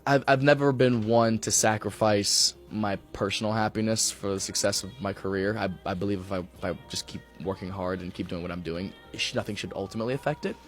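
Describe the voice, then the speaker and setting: A man talking candidly and casually, with relaxed swearing, in an interview and a stand-up set. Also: lowish voice, a little fast, hardly any pauses. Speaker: stand-up comedian. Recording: music playing behind.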